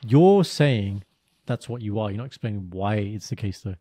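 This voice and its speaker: A man from the UK co-hosting a casual podcast chat, telling stories in an animated, teasing way. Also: lowish voice, normal speed, dry recording. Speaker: podcast co-host.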